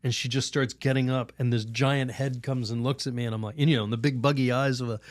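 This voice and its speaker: A man, a priest on a podcast, telling a story and teaching in a lively, rambling way. He laughs often and restarts his sentences. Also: medium pitch, quick pace, dry recording. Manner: animated, laughs while telling stories; rambling restarts, many "you know"s. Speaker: Catholic priest, podcast guest.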